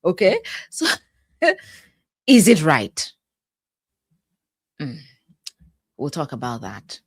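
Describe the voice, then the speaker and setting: A woman's voice: low voice, huge pitch swings, extremely slow, husky, dry recording, clean studio sound. A woman with a Nigerian accent, host and life coach, giving chatty reaction commentary and often laughing as she talks.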